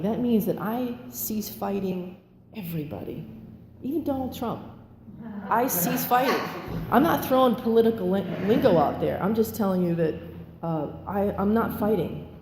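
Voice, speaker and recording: A woman giving a candid personal testimony as a speaker at a recovery meeting, animated and acting out quotes. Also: mid-range voice, slight background noise. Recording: echoey hall with long reverb, faint ambience.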